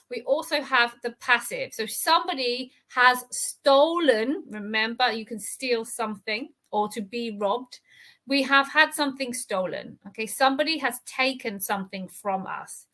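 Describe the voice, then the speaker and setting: Woman, English teacher; slightly high, bright voice; careful, patient explaining. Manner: explains words slowly and carefully, stretching key terms. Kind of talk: reading lesson with explanations.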